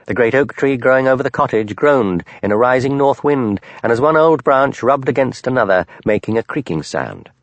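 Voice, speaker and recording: A man narrating a mystery audiobook in a measured, expressive storytelling manner. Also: medium pitch, dry recording.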